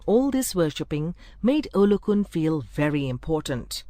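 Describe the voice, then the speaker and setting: Casting: a woman narrator for a children's tale, lower voice, dry close mic. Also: big pitch swings, dark tone, no echo. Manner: clear, measured storybook reading. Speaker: storyteller. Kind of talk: scripted narration.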